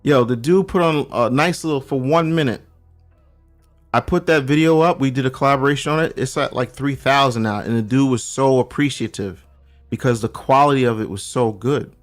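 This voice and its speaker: Speaking at a brisk clip in a medium pitch, a middle-aged man from Brooklyn, New York tells stories as a guest on a laid-back podcast, calling in from abroad. He uses street slang and keeps restarting sentences while faint music plays in the background.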